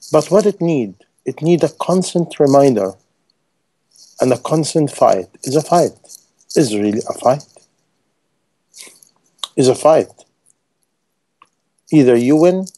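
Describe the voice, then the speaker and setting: Male preacher with a mellow, warm tone, broken English sermon delivery that acts out quoted people. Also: mid-range voice. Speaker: Islamic preacher.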